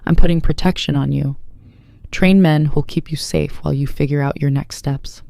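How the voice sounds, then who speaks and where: A narrator voicing a protective mafia boss, a man who speaks in a calm, measured way. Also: medium pitch, creaky, dry recording, close to an everyday voice. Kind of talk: scripted audiobook narration.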